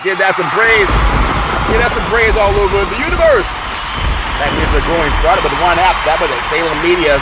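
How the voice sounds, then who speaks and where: A man hosting his own sports podcast, talking casually and excitedly, shouting catchphrases and laughing at himself. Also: fairly high pitch. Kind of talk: casual sports talk show monologue.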